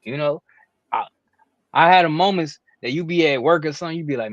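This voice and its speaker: A man's voice: medium pitch, fast, no echo, dull audio. Man, podcast co-host, casual, rambling with fillers. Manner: rambling, lots of "you know" fillers. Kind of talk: casual chat.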